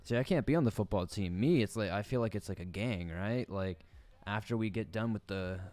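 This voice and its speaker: A man's voice: on the low side, fairly quick, darkish tone, no room sound. A man from the Southern US streaming a football game, giving laid-back, joking play-by-play and laughing often. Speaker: gaming streamer. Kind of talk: casual gaming commentary.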